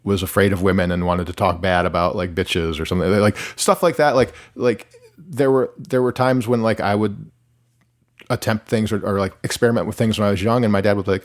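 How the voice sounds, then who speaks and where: Rambling low-voiced man. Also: steady tone, a little fast. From Michigan, USA. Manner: rambling, heavy use of "like", frequent restarts. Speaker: musician guest. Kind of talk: casual interview conversation.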